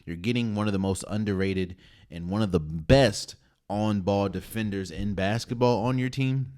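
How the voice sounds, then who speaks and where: A man's voice: lowish voice, normal speed, a little mellow. A man hosting a podcast, talking casually and emphatically as he ranks basketball teams with firm conviction. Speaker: podcast host. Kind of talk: casual sports opinion monologue.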